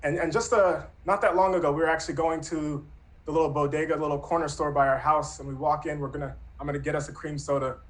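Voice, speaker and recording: A man's voice: fairly high pitch, fairly even intonation, quick pace, rough recording. A man in his thirties telling a true personal story in an earnest, reflective, conversational way. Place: Brooklyn.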